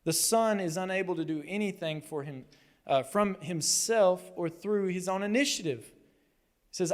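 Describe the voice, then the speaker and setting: A man's voice: sits high, animated, moderate pace, a little mellow. A man preaching a sermon as pastor, telling the story conversationally and acting out the quotes with animation. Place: church hall. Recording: long hall reverb.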